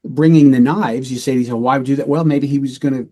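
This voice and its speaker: Man, middle-aged, mellow dark voice, matter-of-fact, true-crime storytelling, former police lieutenant. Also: medium pitch, steady tone, fast talker. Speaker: retired police lieutenant, podcast host.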